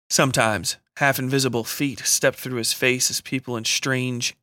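A man reads a scripted horror story in a steady, measured, dramatic style. His mid-pitched voice is bright with a forward edge, and the recording is dry and close with no room echo.

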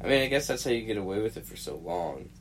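A man's voice: on the low side, sing-song, quick pace, a little hiss or hum. A man co-hosting a podcast in casual chat, jokey and wisecracking, swearing freely. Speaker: podcast co-host.

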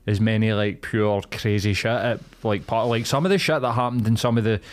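A man's voice: fairly low pitch, fairly even intonation, a little fast. Sweary Glaswegian man telling stories. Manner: sweary, laughing storyteller. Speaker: podcast co-host. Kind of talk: casual chat.

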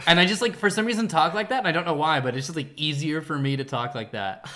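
A man's voice: fairly high pitch, quick pace, hardly any pauses, pushed and bright. A man co-hosting a podcast in casual chat, rambling with many fillers. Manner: rambling, lots of fillers, laughs easily. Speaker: podcast co-host.

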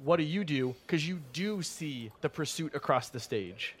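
A man runs a tabletop game as game master, his voice sitting a little high. He narrates with lively energy and breaks into sudden shouted bits for characters. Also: moderate pace, slight background noise.

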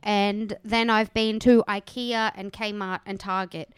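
A woman's voice: mid-range voice, steady tone, takes it slowly, clear, resonant tone, dry recording, studio quality. An Australian woman, a comedian, chatting casually on a podcast, rambling and swearing casually. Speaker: comedian guest. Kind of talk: casual chat.

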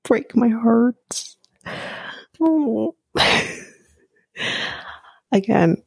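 A woman softly recapping a reality dating show in a whispered ASMR style, halting with frequent ums and small laughs. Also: fairly low pitch, gravelly, slightly rough, no room sound.

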